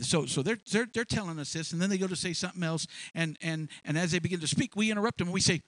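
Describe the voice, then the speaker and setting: A man's voice: high voice, fast, hardly any pauses, fairly bright tone, no room sound, poor audio. A man preaching a sermon, repeating words often and acting out both sides of imagined conversations. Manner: repeats words, acts out dialogue in quoted voices.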